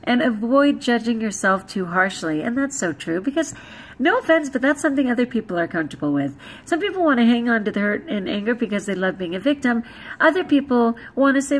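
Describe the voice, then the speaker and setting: A woman vlogger talking casually, animated and blunt, joking and laughing as she goes. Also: on the high side, fairly quick, rough recording. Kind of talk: casual vlog talk.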